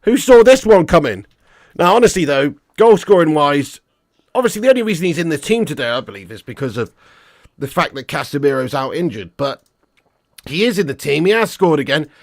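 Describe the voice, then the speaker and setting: Male fan-streamer, high bright voice, dry close sound, swears freely and shouts at the ref. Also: fairly quick, dry recording. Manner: swears a lot, excitable, chats to viewers. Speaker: football watch-along host. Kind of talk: live match watch-along commentary.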